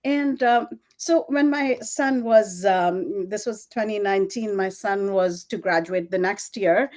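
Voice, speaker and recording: A middle-aged woman from India with an Indian English accent, telling her story in an interview, animated and laughing often, with many fillers. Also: medium pitch, unhurried. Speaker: guest, fashion designer.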